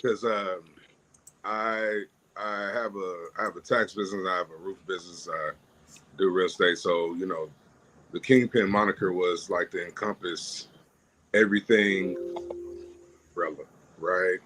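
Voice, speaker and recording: A man talking as a podcast guest, telling his business story in an animated way and often laughing. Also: low voice, measured pace, pauses often, slight background noise. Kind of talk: casual storytelling.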